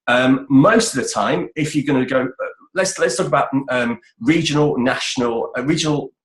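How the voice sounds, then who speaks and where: A man's voice: mid-range voice, moderate pace. A middle-aged British man giving voice-over career advice in a casual, chatty interview, often restarting phrases. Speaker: voice-over expert guest. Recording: roomy echoey sound.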